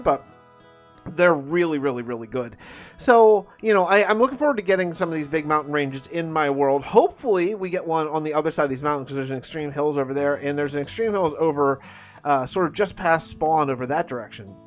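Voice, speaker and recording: A man's voice, a little higher than most, rambles cheerfully over his gameplay, stumbling and repeating his words as he goes. He talks in an easy, casual way into a desk microphone. Soft music plays quietly underneath. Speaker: gaming channel host.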